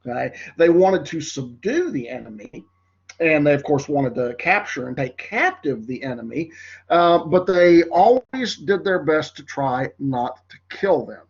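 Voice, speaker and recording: A man's voice: a little high, animated, measured pace, breathy edge, dull audio. A man with a congested, nasal voice teaching a history class in a rambling lecture, full of fillers. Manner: rambling, filler-heavy, addresses class as folks. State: congested, voice cracking.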